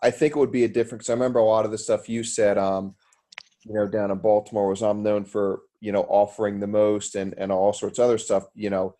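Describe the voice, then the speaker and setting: Low, even-toned man thinking aloud. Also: quick pace. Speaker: group member and house flipper. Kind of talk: casual group call. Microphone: group call audio.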